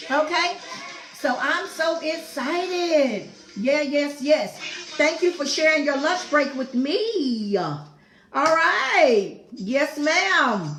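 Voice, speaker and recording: A middle-aged woman with a high voice greets her livestream audience at an unhurried pace. She keeps repeating her welcomes to viewers. Her voice rings in an echoey room, with faint music behind her. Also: expressive. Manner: warm, effusive, repetitive greetings to viewers. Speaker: host of a women's fellowship livestream. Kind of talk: casual live-stream welcome.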